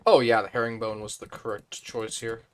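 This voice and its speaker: Young guy, laid-back live-stream builder, chatty and unhurried, talks to himself as he works. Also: lowish voice, clear, resonant tone. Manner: relaxed, thinking aloud with fillers.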